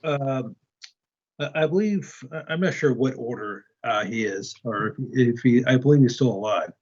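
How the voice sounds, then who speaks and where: A man's voice: medium pitch, moderate pace, darkish tone, husky, highs cut off. A man speaking as a guest in a casual conversation, hesitant and full of restarts. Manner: hesitant, many ums and restarts.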